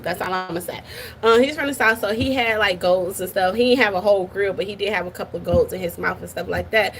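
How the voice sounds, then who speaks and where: A woman's voice: on the high side, fairly bright tone, slight background noise. A woman hosting a casual reaction channel who talks to her viewers in a chatty, opinionated way and calls them y'all. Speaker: commentary channel host.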